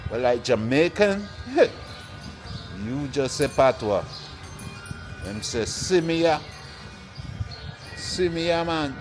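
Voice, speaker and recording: A man, vlogging casually while walking through an open-air plant nursery with a handheld phone, relaxed and repeating "yeah, man" often. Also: medium pitch, takes it slowly, long pauses, faint music behind. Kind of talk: casual walking vlog to camera.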